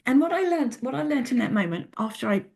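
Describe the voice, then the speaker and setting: A middle-aged woman, a podcast guest, telling a story in an animated way and often restarting her sentences. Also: on the high side, quick pace, gravelly. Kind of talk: casual interview talk.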